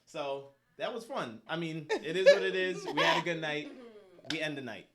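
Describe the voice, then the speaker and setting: A man's voice: fairly high pitch, animated, moderate pace, over a noisy crowd. A man co-hosting a podcast in casual chat, laid-back and laughing as he tells his side. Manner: laid-back, laughing, chimes in with short agreements. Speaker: podcast co-host.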